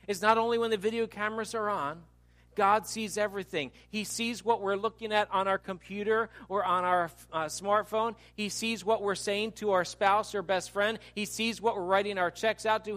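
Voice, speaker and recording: A man preaching a sermon, animated, moving between quiet asides and loud, emphatic bursts. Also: high-pitched. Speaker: pastor.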